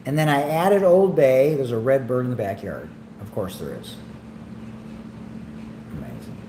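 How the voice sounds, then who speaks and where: Slow, rambling man in an echoey room. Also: mid-range voice, a little hiss or hum. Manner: relaxed, rambling, enthusiastic about food. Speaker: livestream host. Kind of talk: casual cooking and eating livestream. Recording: echoey room with faint ambience.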